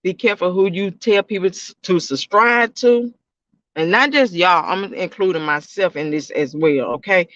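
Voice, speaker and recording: High-voiced man, loose casual vlog talk. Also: fairly bright tone, no room sound, dull audio. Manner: rambling, repeats himself, talks straight to viewers. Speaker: YouTube reaction channel host.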